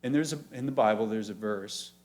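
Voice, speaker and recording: A man speaking to a church audience as a pastor introducing a community presentation, friendly and joking, reading quotes slowly with emphasis. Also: lowish voice, darkish tone. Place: church meeting room.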